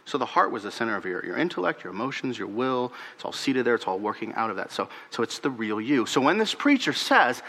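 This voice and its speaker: A male pastor preaching a sermon, animated, repeating words and swinging from emphatic highs to hushed, near-whispered lows. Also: fast talker, hardly any pauses, big-room sound.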